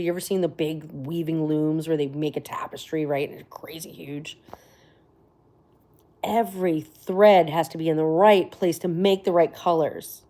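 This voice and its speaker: Woman livestream host, lowish voice, casual and chatty, quick laughs, hushed asides. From Florida. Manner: chatty, laughs often, drops to near whispers. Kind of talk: casual livestream chat with viewers.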